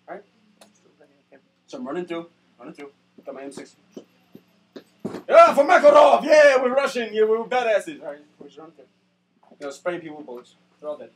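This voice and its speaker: A high-voiced young man rattles through a comic rant at a quick clip and breaks into sarcastic shouts. He sits away from the camera mic, and a faint hiss runs under his voice. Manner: ranting, shouting bursts, sarcastic. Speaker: storyteller. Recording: distant mic with faint noise.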